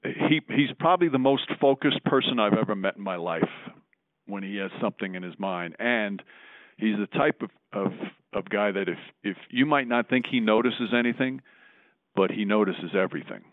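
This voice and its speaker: A man, a veteran sportscaster, recalling a story in a measured, thoughtful way as a podcast guest. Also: lowish voice, dry recording. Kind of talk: relaxed interview storytelling. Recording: tinny phone-like line.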